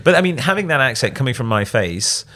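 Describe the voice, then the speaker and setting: A male comedian guest on a podcast, telling profane, animated stories and slipping into put-on English accents. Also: mid-range voice, fast. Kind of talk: casual podcast chat, storytelling. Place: recording studio.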